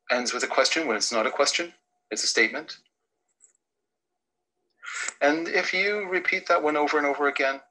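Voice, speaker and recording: Man, bright husky voice, teacherly lecturer who demonstrates with his own pitch and pace. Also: poor audio. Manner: teacherly, swings pitch and pace to show points. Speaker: speaker giving a talk on the voice. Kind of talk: instructive lecture with vocal demonstrations.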